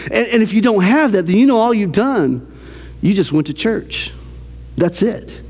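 Male pastor, raised in the American South, with a high-pitched voice, delivering an animated sermon in a church that has a long reverb. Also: normal speed. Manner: animated preaching with repeated phrases and restarts. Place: church sanctuary.

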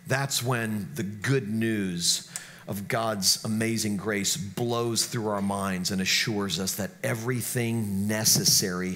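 A male pastor preaches a sermon earnestly and emphatically, his rather low voice dropping to a hush before rising again.

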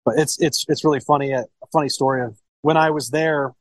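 A man from Ohio, a sommelier, chatting casually in a podcast interview. His voice sits at an ordinary middle pitch, recorded dry and close. He rambles, restarts his sentences and swears freely. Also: fairly even intonation, fast talker, no room sound, poor audio. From Cincinnati, Ohio, USA. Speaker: sommelier and wine shop owner.

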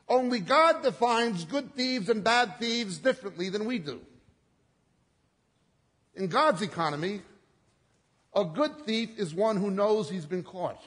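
A fairly high-voiced male preacher delivers a sermon with dramatic swings, surging loud and then falling to a hush. His voice rings out with a long reverb trail, as if in a large hall. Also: animated, unhurried, long pauses. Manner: dramatic swings in pitch and loudness, acting out quotes.

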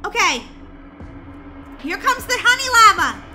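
A woman hosting a game let's-play with bubbly, excitable, jokey commentary. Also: extremely high pitch, measured pace. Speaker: gaming channel host. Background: game music.

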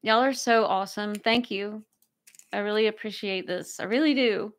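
A woman's voice: mid-range voice, normal speed. A woman hosting a casual livestream, reading viewer comments aloud and thanking people effusively. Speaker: livestream host.

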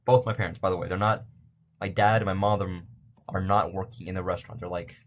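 A man's voice: low-pitched, steady tone, fairly quick. A young man casually commenting on a game from his bedroom, rambling and making self-deprecating jokes. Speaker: let's play gamer.

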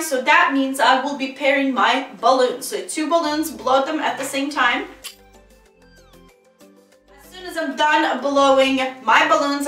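A woman with a cold hosting a balloon craft tutorial, her voice a little raspy and prone to cracking, talking upbeat and straight to her viewers. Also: sits high, fairly bright tone. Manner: upbeat, addresses viewers directly, lists supplies. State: sick, voice may crack and sound raspy. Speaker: balloon decorating tutorial host. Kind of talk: casual tutorial narration.

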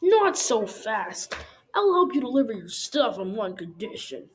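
Girl doing a sly stranger guy in a storybook, deep put-on voice, slow and coaxing, pitch all over the place. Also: very animated, rough recording. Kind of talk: storybook reading.

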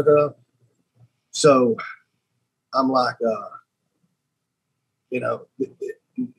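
A man's voice: mid-range voice, breathy edge, low-quality recording. A man in his thirties from Alabama, a podcast guest telling a personal story in an earnest way, often restarting and repeating himself. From Alabama, United States. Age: 30s.

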